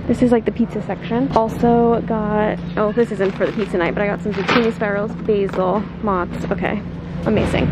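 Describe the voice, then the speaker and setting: A woman's voice: fairly high pitch, very noisy. A young woman vlogging casually as she shops and then unpacks groceries, bubbly and chatty with lots of "like". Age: young adult. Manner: bubbly and chatty, gushing, full of "like". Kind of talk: casual vlog chat. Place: grocery store, then home.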